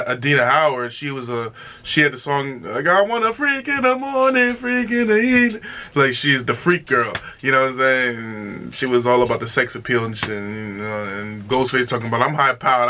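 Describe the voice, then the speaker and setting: Hyped up guy reviewing music, bright forceful voice, keeps repeating stuff. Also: mid-range voice, a little hiss or hum. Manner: excitable, exclamatory, repeats phrases. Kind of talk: excited casual review.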